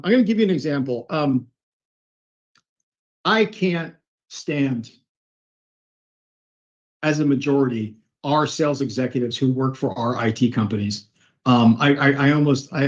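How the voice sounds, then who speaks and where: A man with a fairly high voice talks shop as a consultant, telling a story and voicing both sides of each exchange. The recording sounds a bit dull and lo-fi. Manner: animated, acts out dialogue in quotes. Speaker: IT channel consultant. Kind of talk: storytelling business talk.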